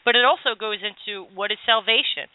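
A woman's voice: a little high, brisk, dry recording. Earnest woman host on a tinny line. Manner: earnest, explanatory, quotes from the book. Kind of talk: casual spiritual discussion. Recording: tinny phone-like line, dry.

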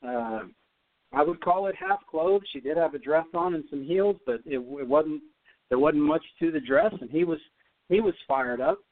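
A man, a former tennis player, telling a story as a podcast guest, animated and often repeating words as he goes. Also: a little high, moderate pace, dry recording. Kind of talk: storytelling in an interview. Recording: dry, phone-like line.

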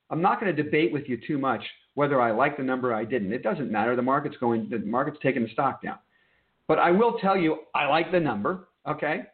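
A man hosting a trading desk meeting, explaining market lessons in an emphatic way and checking in with listeners by asking "okay?". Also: a little high. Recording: narrow phone-like audio.

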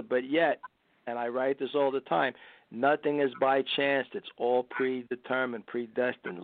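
A man's voice: mid-range voice, dry recording. Earnest man on a phone line. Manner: earnest, laughs often. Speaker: author and guest. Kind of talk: radio interview. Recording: tinny phone line, dry.

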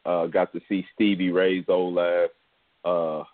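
A man in his thirties from Houston, Texas, co-hosting a podcast and telling a story in a relaxed, rambling way full of fillers. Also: deep voice, unhurried, dry recording. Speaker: podcast co-host. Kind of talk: casual storytelling chat. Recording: dry, tinny phone line.

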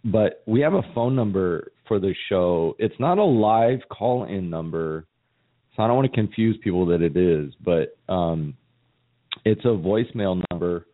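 A man's voice: low voice, lively intonation, normal speed, narrow, tinny audio. A middle-aged man hosting a podcast in casual chat, fighting a cold and joking at his own expense. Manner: joking, self-mocking. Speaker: podcast host.

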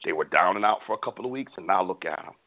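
A man with a gravelly, fry-heavy voice hosts a casual sports talk show. He talks in an animated, opinionated way and often repeats words before finishing a thought. The sound is thin and phone-like. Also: low voice, rapid-fire. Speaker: podcast host. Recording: tinny phone-like line.

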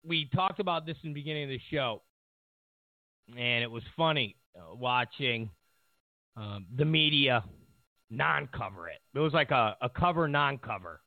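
A man's voice: mid-range voice, animated, moderate pace, no echo. A male talk show host giving sarcastic political commentary, rambling with lots of fillers. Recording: tinny phone-like line.

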